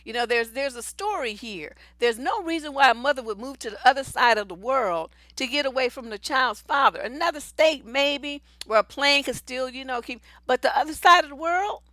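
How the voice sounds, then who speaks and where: Woman advice host, high forceful voice, blunt and profane, dry close sound. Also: lively intonation, moderate pace, hardly any pauses, dry recording. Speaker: relationship coach and host. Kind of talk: livestream advice show.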